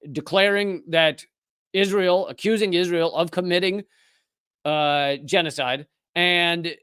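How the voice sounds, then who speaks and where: A man's voice: a little high, fairly bright tone, clear, resonant tone, no echo, studio quality. A man hosting a live political commentary show, speaking indignantly with sarcastic asides.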